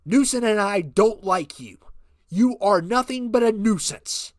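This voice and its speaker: A man's voice: high-pitched, animated, measured pace, no room sound. A man doing a pompous wrestling manager. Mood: taunting. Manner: pompous, showy, taunting. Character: boastful male wrestling manager cutting a promo. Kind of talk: wrestling promo role-play.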